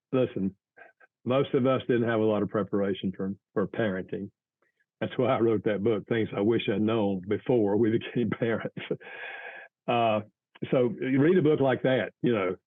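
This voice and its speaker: A male author giving earnest, measured advice as an interview guest, often restarting his sentences. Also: lowish voice, no room sound. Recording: tinny phone-like line, dry.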